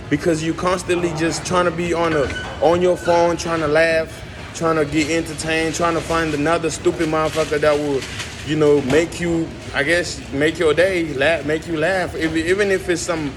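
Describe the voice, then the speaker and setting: Speaking into a phone camera at a coffee shop, this vlogger and musician has a fairly high-pitched voice set against a noisy background. His talk is a casual rant to camera, rambling and emphatic, packed with rhetorical questions for his viewers.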